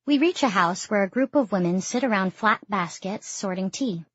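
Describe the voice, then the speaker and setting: A woman reading a first-person audiobook in a steady storytelling manner. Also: medium pitch, normal speed, breathy edge, dry recording. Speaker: audiobook narrator. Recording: dull lo-fi dry recording.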